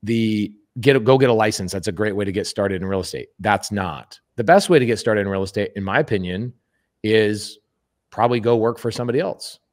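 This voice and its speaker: A man talking as a guest on a podcast, emphatic and animated, who acts out quoted speech and repeats words for emphasis. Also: lowish voice, fairly quick. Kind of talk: casual podcast conversation.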